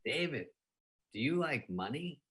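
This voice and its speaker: A man doing an impression of a comedian friend: lonely, flat and plaintive, asking odd questions. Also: mid-range voice, unhurried.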